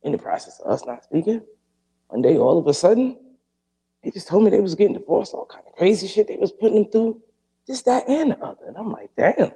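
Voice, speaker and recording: Gravelly, animated man venting a story. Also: sits high, a little fast. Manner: animated, profane, acts out quoted dialogue. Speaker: podcast host. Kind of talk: casual storytelling monologue.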